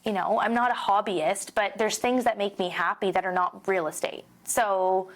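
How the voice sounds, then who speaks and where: A woman in her thirties talks openly about her life as a guest on a casual podcast. She's candid and emotional, swears now and then, and fills her sentences with "like". Her voice sits at a middle pitch. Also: steady tone, moderate pace. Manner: open, emotional, peppers speech with "like" and swearing.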